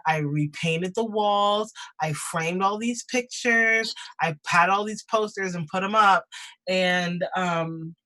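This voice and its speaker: A woman's voice: on the low side, slow, pushed and bright. A woman in her twenties, a singer-songwriter, chatting casually from her bedroom over a video call, laughing often and restarting her sentences. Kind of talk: casual chat and acoustic singing. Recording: guitar music behind the singing.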